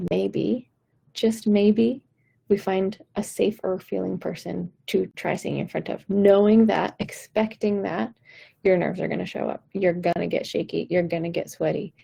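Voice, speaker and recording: A woman's voice: medium pitch, fairly even intonation, moderate pace, gravelly, slightly rough, poor audio. A woman vocal coach giving an encouraging, direct pep talk on a live stream. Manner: encouraging, warm-hearted, direct.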